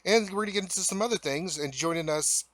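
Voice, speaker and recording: Bright, loose-talking man. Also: sits high, quick pace, no room sound. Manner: loose, swearing, jokey banter. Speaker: livestream host. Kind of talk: casual gaming stream chat.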